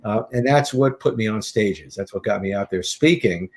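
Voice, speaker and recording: A middle-aged man, a guest author and speaker, telling stories in an animated, casual interview. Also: on the low side, normal speed. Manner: animated anecdotal storyteller.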